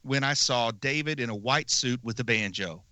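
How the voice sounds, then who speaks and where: A man's voice: medium pitch, moderate pace, sharp tone, no room sound. A man co-hosting a movie podcast, chatting casually with long opinionated riffs and frequent laughs. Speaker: podcast co-host. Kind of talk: casual movie review chat.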